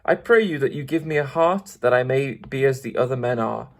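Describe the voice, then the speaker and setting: A man voicing a gentle tin man who pleads for a heart, in an earnest, pleading way. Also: medium pitch, lively intonation, fairly quick, natural voice.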